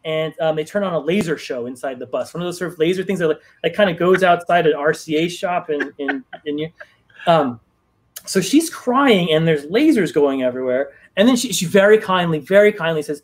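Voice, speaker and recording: A man's voice: on the high side, expressive, fairly quick. A man on a video call telling a long story casually, with many fillers and restarts. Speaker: guest writer.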